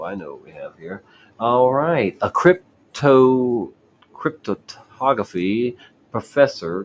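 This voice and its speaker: Male host, slow drawl, reads articles aloud, trips on words, sarcastic asides. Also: medium pitch, a bit bright, a little hiss or hum. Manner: stumbling, repeats and restarts words while reading. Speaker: show host. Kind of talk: casual commentary reading news articles aloud.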